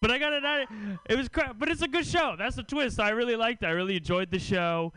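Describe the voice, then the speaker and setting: Bright, high-voiced stand-up comic. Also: male voice, a little fast, clean tone, dry recording, low-quality recording. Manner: deadpan, teasing, stammering restarts. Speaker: comedy festival host and comedian. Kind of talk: stand-up set. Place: comedy club stage.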